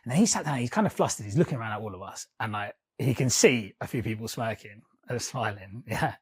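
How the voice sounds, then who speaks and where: A man's voice: on the low side, fast, slightly rough. A man, co-hosting a podcast and telling office stories in casual chat, laughing and swearing freely. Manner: animated storyteller, laughs often, swears casually. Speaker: podcast co-host.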